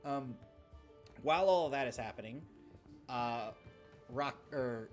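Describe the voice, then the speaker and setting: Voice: medium pitch, measured pace, soft background music. A game master narrating a tabletop game, loose and chatty with frequent laughs.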